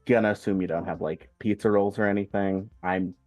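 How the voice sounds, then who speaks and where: A man's voice: low-pitched, steady tone, a little fast, darkish tone, dry recording, soft background music. Laid-back man player. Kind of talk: casual chat.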